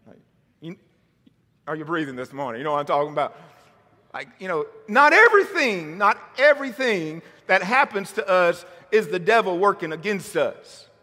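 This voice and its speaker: A man preaching a sermon at a church service, fiery and shouting rhetorical questions. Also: high voice, expressive, moderate pace. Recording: long hall reverb.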